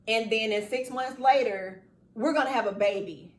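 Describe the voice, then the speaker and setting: Woman host, lively chatty delivery, high-ish voice, recorded far off in an echoey room. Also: moderate pace. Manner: animated, laughing, acts out quotes. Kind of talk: casual chat.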